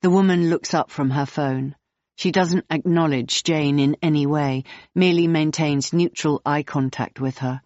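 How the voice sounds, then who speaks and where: A woman narrating an audiobook in the third person, steady and clear. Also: deep voice, moderate pace, lo-fi sound.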